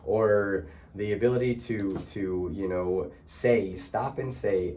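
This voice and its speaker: Low-voiced reflective male host. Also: slow pace, slight background noise. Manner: reflective, searching, many restarts and soft hums of agreement. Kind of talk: casual heartfelt conversation.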